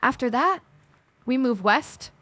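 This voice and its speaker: A woman's voice: high voice, animated, takes it slowly, pushed and bright, no room sound. A woman co-hosting a scripted podcast, talking in a playful way full of gaming slang. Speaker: co-host.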